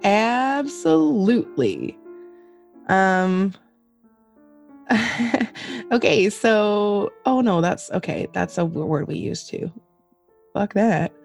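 A woman's voice: medium pitch, slow pace, gravelly, long pauses, soft background music. A woman hosting a casual podcast chat, laughing often and swearing freely. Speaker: podcast host.

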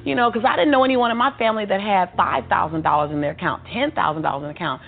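A woman guest telling her life story in a lively, motivational way, acting out the dialogue and laughing often. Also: medium pitch, very fast, vocal fry. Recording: tinny phone-like sound with faint music.

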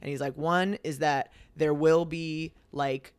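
A young man recounts a story in a loose, chatty way, slipping into the voices he quotes. His voice is smooth and clear and sits a little high. It is recorded close and dry, with no room sound. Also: takes it slowly, no echo. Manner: animated retelling that acts out quoted lines, lots of fillers. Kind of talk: casual storytelling chat.

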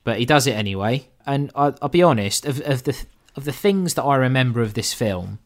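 A man's voice: medium pitch, expressive, brisk. A man co-hosting a podcast, reviewing a film in casual chat, laid-back and swearing, mimicking characters as a joke. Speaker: podcast co-host.

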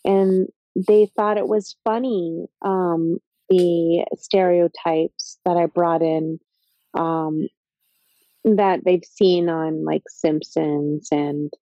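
A woman's voice: on the low side, steady tone, drawn-out words, dry recording. A Mohawk woman, a podcast guest, telling a personal story in an earnest, reflective way. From Mohawk Nation, North America. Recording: slightly dull lo-fi sound.

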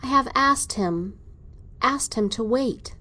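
A woman's voice: on the high side, lively intonation, takes it slowly, pushed and bright, pitched above the performer's own voice, full character voice. A woman reading an audiobook, voicing a timid, devoted young daughter in an earnest, pleading way.

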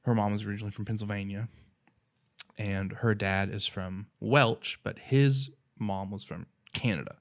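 A man's voice: fairly low pitch, steady tone, normal speed. A man from North Carolina with an Appalachian accent, talking about faith in an earnest, rambling, casual way. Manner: earnest, rambling, many "you know" and "right".

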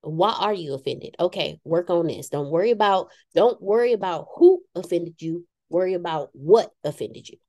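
A woman's voice: lowish voice, expressive, moderate pace, hardly any pauses, mellow. A woman co-hosting a casual talk show about spiritual growth, speaking candidly and poking fun at herself with preachy asides. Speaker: podcast co-host.

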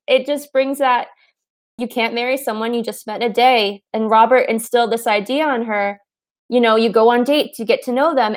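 High-voiced, enthusiastic woman. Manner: enthusiastic, quotes characters, laughs easily. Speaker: podcast co-host discussing a film. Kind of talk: casual chat.

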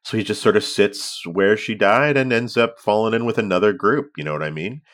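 Low-voiced man in animated chat. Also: brisk. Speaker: podcast co-host. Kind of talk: casual chat about comics.

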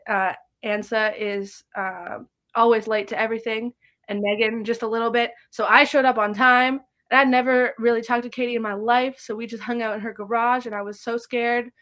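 A woman's voice: fairly high pitch, little pitch movement, normal speed, fairly bright tone. A young woman who drums and teaches, telling stories in a casual podcast interview, chatty and full of fillers. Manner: chatty, storytelling, many likes and fillers. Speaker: guest drummer and drum teacher.

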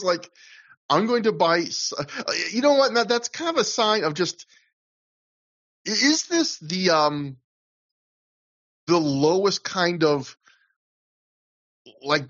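A man's voice: a little high, a bit bright, lo-fi sound. A man hosting a casual podcast, rambling through a recap, often laughing and restarting his sentences. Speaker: podcast host.

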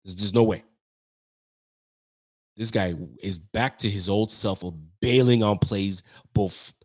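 A man's voice: lowish voice, slow pace. A young man hosting a sports podcast, giving a frustrated, slangy postgame rant that keeps repeating its points.

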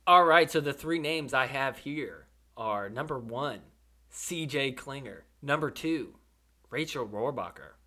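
A man hosting a podcast, giving casual, joking commentary over sports highlights. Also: expressive, a little slow, sharp tone. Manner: playful, joking, laughs often. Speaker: podcast host.

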